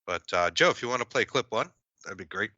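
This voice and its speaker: A man's voice: on the low side, animated, fast, very noisy. A man from Massachusetts hosting a paranormal podcast in casual chat, rambling with lots of fillers. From Massachusetts, USA. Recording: dull, lo-fi, dry.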